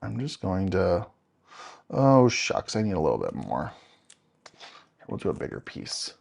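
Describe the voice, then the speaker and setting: A man's voice: low voice, wildly swooping pitch, unhurried, gravelly, a little mellow. A young man, chatting upbeat to viewers as he shows card-making on a live stream. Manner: chatty, upbeat, talks to viewers by name while working. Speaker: card-making tutorial host. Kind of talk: live-stream crafting demo.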